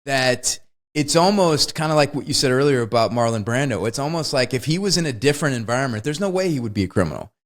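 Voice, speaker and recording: A man's voice: medium pitch, lively intonation, fast. A man co-hosting a podcast, chatting casually and enthusiastically about a film, often laughing mid-story. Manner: enthusiastic, laughs while telling stories. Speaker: podcast co-host. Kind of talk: casual movie review chat.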